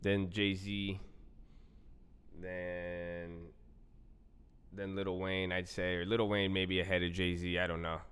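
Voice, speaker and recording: A man with a low, smooth, resonant voice, chatting loosely on a livestream. His talk rambles and circles back on itself, full of "bro" and "man". The sound carries a long reverb tail. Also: little pitch movement, moderate pace, few pauses, fairly bright tone. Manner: loose, rambling, repeats himself, says "bro" and "man" a lot. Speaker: livestream host. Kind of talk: casual livestream chat.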